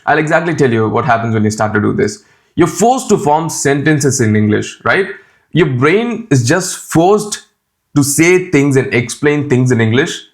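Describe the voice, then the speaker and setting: Indian guy, tamil's his first language, casual youtube tutorial, direct and chatty, keeps saying man and right. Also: medium pitch.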